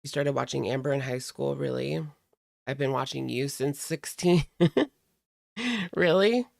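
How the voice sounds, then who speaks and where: A man with a strongly gravelly, fry-laden voice chats casually as a stream host, reading viewer comments and peppering his talk with "like." His voice sits at a middling pitch and sounds dry and close to the mic. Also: fairly even intonation, unhurried, dry recording. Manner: chatty, frequent "like" fillers, laughs often.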